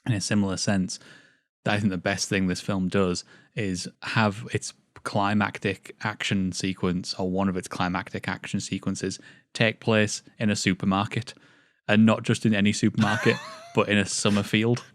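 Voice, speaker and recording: A man's voice: fairly low pitch, level tone, normal speed, no room sound, studio quality. A British man co-hosting a casual film review, talking in an articulate, analytical way. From Britain.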